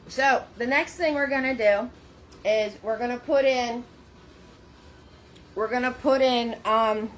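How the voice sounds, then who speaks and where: Chatty, high-voiced woman teaching painting. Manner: chatty and encouraging, laughs often, greets viewers by name. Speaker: paint party instructor. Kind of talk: live online painting lesson. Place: her home studio, indoors. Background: faint background music.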